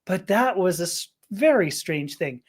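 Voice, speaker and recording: A woman's voice: on the low side, expressive, unhurried. A woman guest on a podcast, telling a personal story candidly, often stammering, laughing and restarting her sentences.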